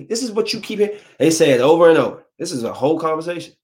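A man's voice: on the high side, sing-song, racing, hardly any pauses, a little mellow. A young adult man delivering a comic monologue, full of incredulous rhetorical questions. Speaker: comedian. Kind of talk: stand-up style comic monologue.

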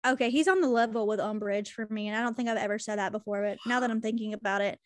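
A woman's voice: medium pitch, no echo, clean studio sound. A woman from North Carolina with a Southern twang, co-hosting a podcast in playful, casual chat and swearing freely. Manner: playful, swears freely, drawls words out slowly. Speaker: podcast co-host.

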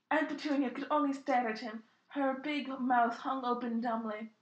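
A woman's voice: high-pitched, fairly even intonation, normal speed, reverberant, rough recording. A young woman reading fan fiction aloud in a mock-earnest, dramatic comic tone. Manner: mock-earnest, putting on voices for quotes.

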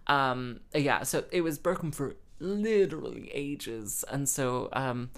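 A young adult host from the English Midlands chats casually, rambling and self-mocking, with plenty of fillers. The voice is medium-pitched with lively intonation and a slow pace.

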